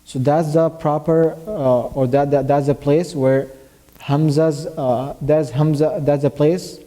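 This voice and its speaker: Speaking slowly in a fairly high voice with fairly even intonation, a man leads a tajweed lesson in a mosque classroom. He explains each step, recites short Arabic verses and quizzes his student, his warm, mellow sound carrying a long hall reverb.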